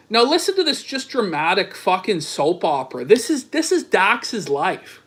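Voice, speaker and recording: A man's voice: sits high, very animated, normal speed, few pauses, fairly bright tone. Sarcastic, foul-mouthed male commentator. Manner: sarcastic, swears a lot, incredulous. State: voice strained from talking. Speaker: online commentator. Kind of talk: profane commentary reading messages aloud.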